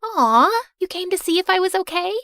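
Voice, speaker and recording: A young woman narrating her own animated story in first person, bubbly and playful. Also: extremely high pitch, fairly quick, no echo, studio quality.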